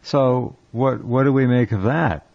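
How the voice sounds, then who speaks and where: A man's voice: mid-range voice, creaky. Man hosting a lo-fi radio talk show. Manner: halting, restarts often, emphatic. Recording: dull lo-fi radio sound.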